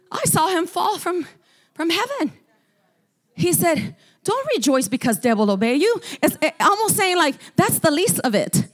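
A woman pastor preaching a sermon, shifting from quiet storytelling to loud, drawn-out shouted declarations, often repeating and restarting words. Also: extremely high pitch, big pitch swings.

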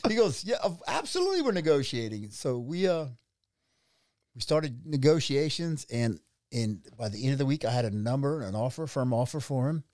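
A middle-aged man, a restaurant owner who tells his story in an animated way and acts out the voices of other people. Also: mid-range voice, normal speed, no room sound, studio quality. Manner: animated, acts out quoted dialogue. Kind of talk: conversational storytelling.

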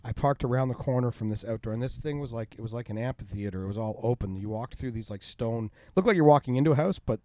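A man's voice: mid-range voice, expressive, quick pace, hardly any pauses, warm tone, no echo. A middle-aged man, a guest, telling personal stories casually and candidly, with profanity, acting out the people in them. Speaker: interview guest.

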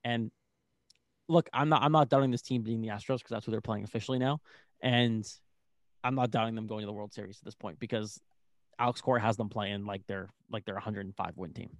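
A young man co-hosting a casual sports chat, excitable and rambling, full of "like". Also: lowish voice, quick pace, no echo, studio quality. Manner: excitable, rambling, heavy use of "like". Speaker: sports podcast co-host.

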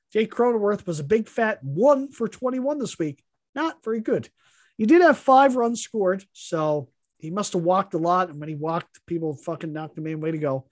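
A man's voice: sits high, dry recording, clean studio sound. A man co-hosting a casual podcast, trading profane, mock-insulting trash talk with his partner. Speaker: podcast co-host. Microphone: podcast microphone.

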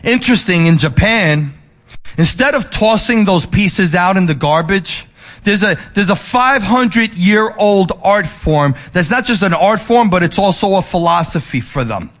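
A male pastor preaching, moving between emphatic raised lines and soft, low ones, with restless repetitions and restarts. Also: expressive, moderate pace. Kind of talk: sermon.

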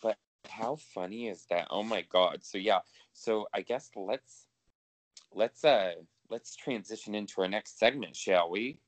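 A man's voice: on the low side, a little slow, no room sound. A man co-hosting a podcast in casual chat, talking freely with lots of swearing and laughter. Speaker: podcast co-host.

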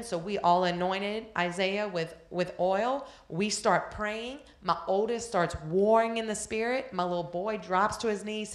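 A middle-aged woman preaching a sermon, telling stories earnestly and reading scripture aloud. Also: mid-range voice. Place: event hall. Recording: echoey hall.

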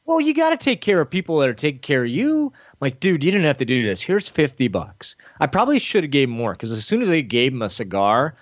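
A man's voice: fast, hardly any pauses, dry recording, lo-fi sound. A man in casual chat, telling a long story with lots of swearing and acting out other people's lines. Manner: profane, animated storytelling, acting out others' lines with big pitch jumps. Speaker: podcast host telling a story.

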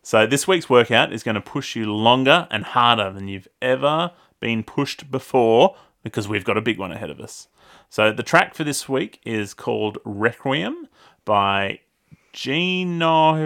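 A man with an Australian accent co-hosts a casual podcast, chatty and quick to laugh, sometimes tripping over his words. His voice sits a bit low but sounds bright and forceful. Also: creaky. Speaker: podcast co-host.

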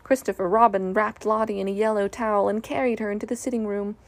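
A woman reading a children's storybook aloud in a gentle, even way. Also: mid-range voice, fast, no room sound.

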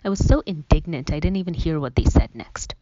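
A woman's voice: low-pitched, lively intonation, fairly quick, warm tone, dry recording. A woman narrating a first-person novel as an audiobook, wry and conversational. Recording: dull, dry studio sound.

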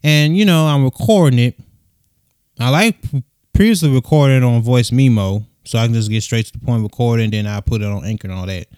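A young man hosting his own casual solo podcast, talking softly and rambling with slang, swearing and lots of fillers, recorded on a USB microphone into his phone. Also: brisk, clean tone, no echo, clean studio sound. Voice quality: soft, low-key voice. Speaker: podcast host.

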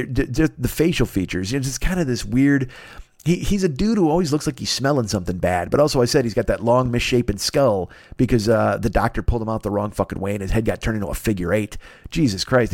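A man from the Chicago area hosting a podcast alone in his apartment, ranting in a profane, rambling, animated way. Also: medium pitch, no echo, studio quality. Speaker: podcast host. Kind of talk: solo comedic rant.

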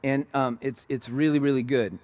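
A man preaching a sermon, retelling a story with animated, acted-out quotes and frequent restarts. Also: medium pitch, normal speed. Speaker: pastor.

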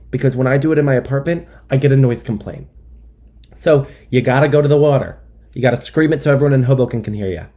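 A man's voice: mid-range voice, dark tone. A young man telling a comic monologue in a rambling, self-deprecating way with wry asides. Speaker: comedian. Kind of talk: stand-up style comic monologue.

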